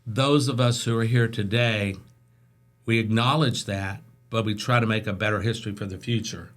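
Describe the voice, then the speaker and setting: A man's voice: fairly low pitch, normal speed. Chatty man telling a long anecdote. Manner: chatty, animated storyteller who acts out voices in anecdotes. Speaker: interview guest. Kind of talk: casual storytelling.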